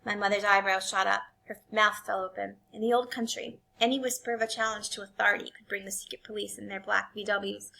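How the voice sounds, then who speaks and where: A woman reading a novel aloud in an expressive way, shifting between quiet and intense passages. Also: medium pitch, fairly quick, gravelly, hardly any pauses. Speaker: reader.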